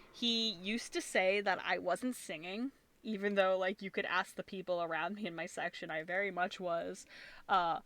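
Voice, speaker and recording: A woman streaming from an upstairs room at home, chatting casually while she crochets and laughing often, her voice slightly husky from talking. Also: mid-range voice, fairly bright tone.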